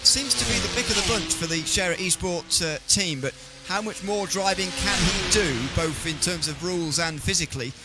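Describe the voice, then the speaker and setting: A man commentating a sim endurance race in a fairly high voice, chatty and quick to tease his partner. A loud music bed runs under his talk. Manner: chatty, teasing banter with co-commentator.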